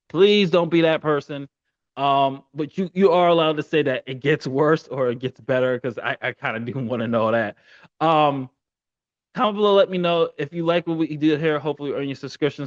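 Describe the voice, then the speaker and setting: A man's voice: a little high, no room sound, muffled recording. A man hosting his own anime review channel, talking in a casual, earnest way and often tripping over his words, a little choked up. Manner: earnest, stumbling, repeating words.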